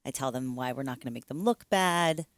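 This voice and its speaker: A woman guests on a casual podcast, chiming in with dry, wry remarks. Her voice is low for a woman. The sound is close and dry. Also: brisk, dry recording. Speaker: guest, TV series co-creator.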